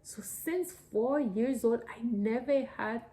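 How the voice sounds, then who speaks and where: A woman's voice: a little high, slow pace, warm tone, low-quality recording. A woman, a mother of young children, talking earnestly and emotionally to her viewers in a personal vlog, in simple, loosely phrased English. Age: adult parent of young children. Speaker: mother sharing a personal story.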